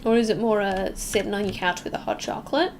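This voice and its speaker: A woman's voice: mid-range voice, fairly even intonation, fast talker, slight background noise. A young woman from Melbourne with an Australian accent, chatting casually with viewers while streaming a game, reacting aloud and joking at her own expense.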